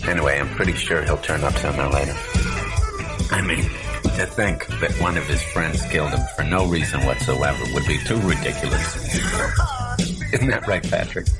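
A man's voice: extremely low pitch, wildly swooping pitch, normal speed, over loud music, full character voice. An actor playing a sly, probing middle-aged male detective in film dialogue, with a dry, insinuating manner. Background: film score.

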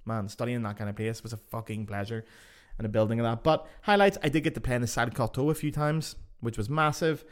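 A man's voice: medium pitch, quick pace. A young man, hosting a podcast and telling casual stories, swearing freely as he goes. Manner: swears freely, animated anecdotes. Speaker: podcast host. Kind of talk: casual storytelling.

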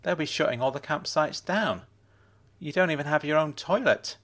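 Male narrator doing a higher, brisk young woman for a storybook: blunt, probing, kind underneath. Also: a bit bright. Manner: brisk, probing, matter-of-fact.

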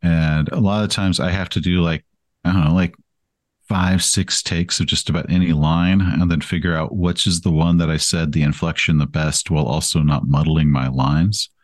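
Very deep-voiced man, dry close sound. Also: fairly even intonation, moderate pace, no room sound. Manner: rambling, self-deprecating, frequent restarts. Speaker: podcast guest. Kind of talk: casual interview chat.

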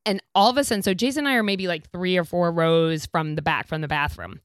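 A woman telling a wild story in casual chat, animated and laughing as she goes. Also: lowish voice, quick pace, clear, resonant tone, dry recording, studio quality.

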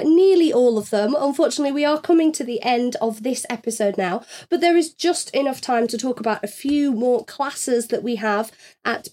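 A woman hosting a casual podcast, her voice sitting a little on the high side. She moves from relaxed chat into bright, friendly promotional reading. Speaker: podcast host.

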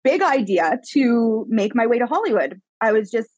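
A woman from Canada, a guest telling her life story in a podcast interview, animated and emphatic, with many casual "like" fillers. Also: on the high side, normal speed, dry recording, low-quality recording. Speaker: guest, psychic medium mentor.

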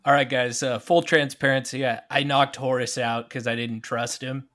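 A man's voice: mid-range voice, steady tone, moderate pace, fairly bright tone. A man at a tabletop game table, speaking in a mid-range voice with a playful, joking manner. He laughs easily and banters with the group. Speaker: player. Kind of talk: casual tabletop game play.

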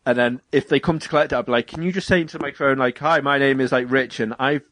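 A man's voice: mid-range voice, steady tone, fast, a bit bright, no echo. A young British man co-hosting a podcast, rambling through stories and acting out what people said, with frequent laughs. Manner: rambling storyteller, acts out quotes, laughs often. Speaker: podcast co-host. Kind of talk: casual chat.

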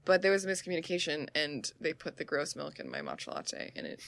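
A woman co-hosting a casual comedy chat, telling an animated anecdote and swearing casually. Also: low voice, quick pace, creaky.

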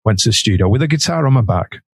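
A man's voice: medium pitch, animated, quick pace, no room sound. A man with a Manchester accent, a musician guest telling anecdotes in a chatty way and laughing between sentences. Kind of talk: anecdotal storytelling.

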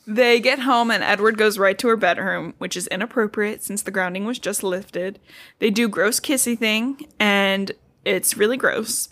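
A woman's voice: medium pitch, moderate pace, fairly bright tone. A woman co-hosting a podcast, recapping a book chapter in casual, sarcastic chat full of swearing and "like.".

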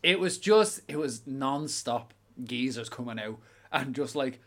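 Swearing Irish lad telling a story. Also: male voice, mid-range voice, a little slow. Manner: animated storytelling, heavy swearing. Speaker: podcast co-host. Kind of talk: casual chat.

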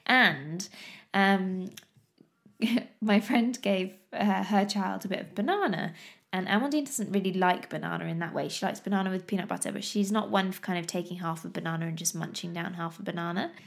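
A woman, chatting casually to camera about her toddler, animated, laughing often and losing her thread mid-sentence. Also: mid-range voice, moderate pace, creaky.

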